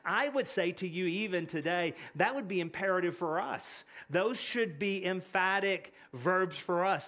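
High-pitched male pastor, earnest and conversational sermon delivery with frequent repetition. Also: a bit bright. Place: church sanctuary.

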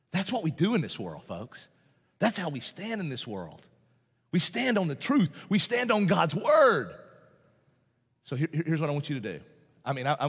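A man's voice: on the high side, a bit bright, breathy edge. A man, a Baptist pastor, preaching a sermon in a folksy, emphatic way, often repeating phrases and laughing between points. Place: large church auditorium. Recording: long hall reverb.

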